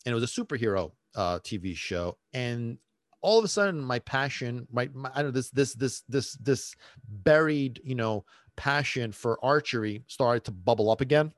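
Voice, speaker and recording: A man's voice: mid-range voice, animated, moderate pace, no room sound. A man, a dog trainer, casually telling a rambling personal story with many restarts and fillers.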